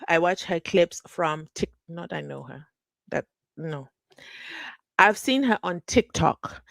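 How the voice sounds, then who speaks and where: Chatty woman, low voice. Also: no echo. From South Africa. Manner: chatty, animated, reads comments aloud. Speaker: livestream host. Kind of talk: casual live commentary.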